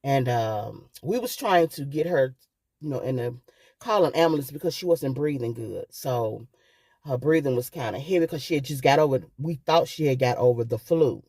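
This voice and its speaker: A woman's voice: extremely low pitch, animated, normal speed, warm tone, no room sound. A middle-aged woman vlogging, telling a personal story with emotion and often calling her viewers "guys".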